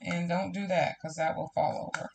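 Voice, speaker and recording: A woman's voice: on the low side, flat delivery, moderate pace, creaky, background noise. A woman hosting a live crafting stream, chatting casually and slipping into preachy, faith-filled testimony to viewers. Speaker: crafting livestream host.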